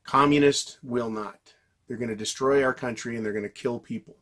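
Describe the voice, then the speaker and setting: A man delivering a heated, profanity-laced monologue to his viewers, yelling and venting. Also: mid-range voice, steady tone, normal speed. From United States. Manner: yells and vents angrily, heavy swearing. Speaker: political commentary vlogger.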